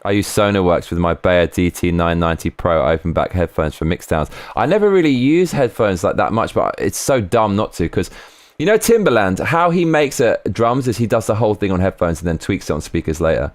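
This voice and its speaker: Excitable male streamer, lowish voice with lively pitch, talks over a faint track in his home studio. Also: a little fast. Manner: excitable, laughing, swearing, reading chat aloud. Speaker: streamer making music live. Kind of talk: casual livestream chat.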